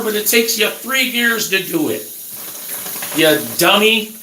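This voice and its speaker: A man's voice: high voice, a little slow, bright, forceful tone. A middle-aged man ranting crudely and angrily at his viewers in a casual talk. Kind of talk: casual rant. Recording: roomy echo, faint background noise.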